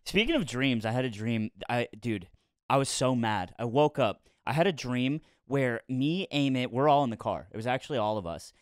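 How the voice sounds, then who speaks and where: A man's voice: medium pitch, moderate pace, dry recording, clean studio sound. A man co-hosting a podcast, telling a dream story in casual chat and acting out the quotes. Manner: animated storytelling, laughs often, acts out quotes. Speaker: podcast co-host.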